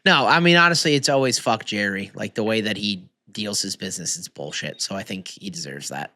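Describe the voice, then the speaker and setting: Man, sports podcast co-host, laid-back, swears a lot, lively pitch, dry sound. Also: fairly quick, no room sound. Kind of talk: casual sports chat.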